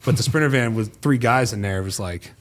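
A man's voice: medium pitch, fairly quick. A man from the eastern United States, a podcast guest telling a rambling, profane hunting story in casual chat. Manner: rambling, profane, acts out quotes.

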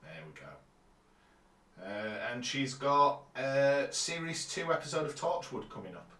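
A man co-hosting a podcast, calmly recapping the plot of a TV episode. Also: mid-range voice, slow. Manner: relaxed, summarizing plot steadily. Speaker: podcast co-host. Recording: roomy, distant mic.

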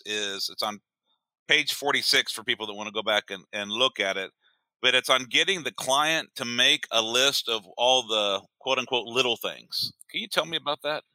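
A male podcast host with a very bright, forceful voice asks his guest a friendly question. The sound is close and dry with no room echo. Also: mid-range voice. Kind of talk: interview questions.

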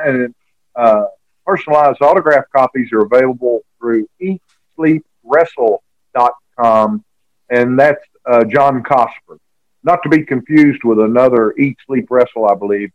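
A man's voice: medium pitch, no echo, lo-fi sound. A man, an author being interviewed, telling a long rambling story with many fillers and restarts. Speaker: author and guest.

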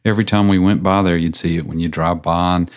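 A man's voice: sits low, steady tone, fast. A man co-hosting a podcast, making laid-back, joking comments in casual chat. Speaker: podcast co-host.

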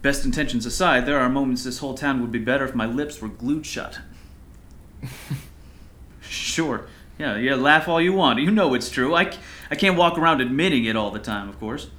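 A man's voice: medium pitch, normal speed, fairly bright tone, lightly acted. A middle-aged small-town pastor, acted by a man in an audio drama, chatty and folksy with a mid-range voice. He talks in long, homespun sentences and leans on an earnest, fatherly way of speaking. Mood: sheepish. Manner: chatty, folksy, calls others son.

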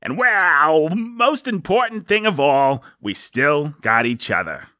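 A man's voice: a little high, sing-song, slow, sharp tone, full character voice. A man playing an awkward suburban father who covers tension with nervous, jokey cheerfulness. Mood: forced cheerful. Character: awkward upbeat suburban dad, forced cheer. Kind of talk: comedic audio drama acting.

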